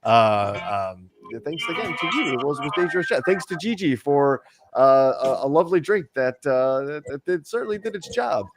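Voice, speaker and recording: A man's voice: fairly high pitch, expressive, normal speed, over music. A man co-hosting a casual news chat show, joking and rambling with plenty of restarts and fillers. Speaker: podcast co-host.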